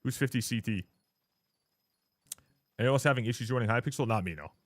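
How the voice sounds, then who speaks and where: A man's voice: mid-range voice, a little fast, dry recording, studio quality. A young man streaming live, ranting to his chat in a blunt, profane way and mocking other people in put-on voices. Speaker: livestreamer.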